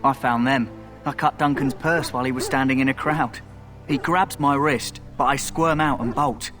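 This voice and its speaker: A man's voice: mid-range voice, steady tone, normal speed, over music, lightly acted. An actor voicing a cocky young male thief in video game dialogue, talking in a wry, breezy, self-mocking way.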